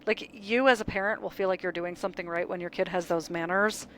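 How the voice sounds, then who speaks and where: A young mother co-hosting a casual chat, telling lively stories and acting out the quotes. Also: on the low side, fast talker, slight background noise, poor audio. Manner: lively storyteller, acts out quotes. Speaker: podcast co-host.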